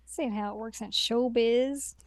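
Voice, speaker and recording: A woman co-hosting a podcast, chiming in with dry, quick comments during a casual recap. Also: on the high side, fairly even intonation, no room sound. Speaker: podcast co-host.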